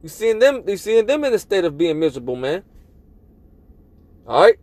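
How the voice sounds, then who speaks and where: A man's voice: high-pitched, sing-song, moderate pace, darkish tone, no echo. A man preaching a sermon, reading scripture aloud and driving each point home with "man" and "all right?". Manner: emphatic, tags lines with "man" and "all right?".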